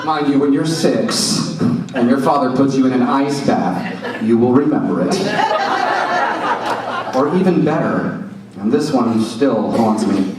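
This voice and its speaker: A man's voice: medium pitch, unhurried, long pauses. A man in his thirties giving a wry comedic roast speech at his father's birthday, telling stories and mimicking his father. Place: banquet room with a live audience. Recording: echoey room from a distance, crowd laughter. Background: audience laughter.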